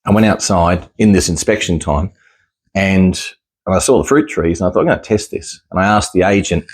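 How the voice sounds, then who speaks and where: Aussie bloke with a really low voice, psychic type, rambly and restarting, little chuckles. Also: male voice, normal speed. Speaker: psychic medium sharing experiences. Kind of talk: casual talk to camera.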